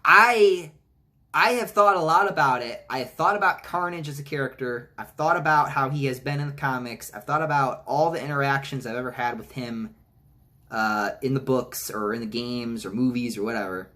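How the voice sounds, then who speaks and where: A man giving a casual trailer reaction, rambling with many restarts and some swearing, and mocking lines in high-pitched voices. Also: fairly quick, sharp tone. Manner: rambling, frequent restarts and profanity. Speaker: movie reviewer.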